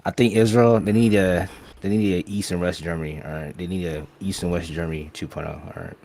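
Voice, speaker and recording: Deep-voiced blunt young man caller. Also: fairly even intonation, fairly quick, a little mellow, dry recording. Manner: blunt, slangy, repeats "all right?". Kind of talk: casual call-in banter.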